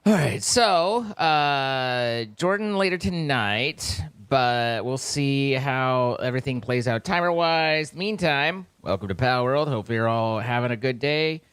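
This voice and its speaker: A man's voice: medium pitch, lively intonation, a little slow, hardly any pauses, fairly bright tone, clean tone, no room sound. Rambling male streamer greeting chat. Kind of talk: casual live-stream chat.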